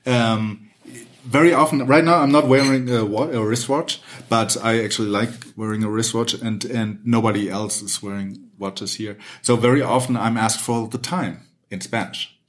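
A man from Germany hosting a casual chat, relaxed and hesitant with many fillers. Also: mid-range voice, measured pace. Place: Mexico.

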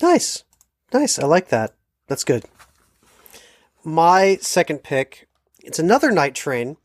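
An animated podcast co-host spins a casual travel story and slips into the voices of the people in it. The sound is dry and close, with no room around it, and the voice sits at a middle pitch. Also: slow, dry recording. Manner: animated anecdote telling, acts out quoted lines.

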